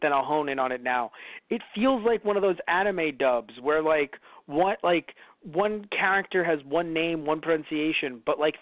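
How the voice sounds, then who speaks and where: A man's voice: fairly high pitch, dry recording. Rambling man on a lo-fi podcast. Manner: rambling, lots of fillers and restarts, acts out quotes in changing voices. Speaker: podcast co-host. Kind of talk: casual chat. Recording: dry, phone-like lo-fi sound.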